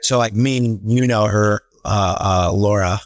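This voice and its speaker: A man in a casual podcast conversation, telling stories with animated quoted voices. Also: on the low side, measured pace, no room sound, studio quality. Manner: animated storyteller, acts out quotes. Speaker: real estate team leader, podcast guest.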